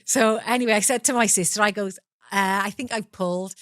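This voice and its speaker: A woman's voice: mid-range voice, steady tone, brisk, fairly bright tone, dry recording, clean studio sound. A middle-aged woman from Wales with a South Welsh accent, a guest telling her own story candidly, swearing freely and acting out the voices of people in it.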